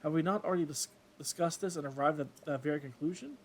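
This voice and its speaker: A man's voice: a little high, quick pace, a little hiss or hum, natural voice. A man reading game dialogue as a grand old male fish-folk king with formal, courtly phrasing. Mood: regal. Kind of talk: let's play voice reading.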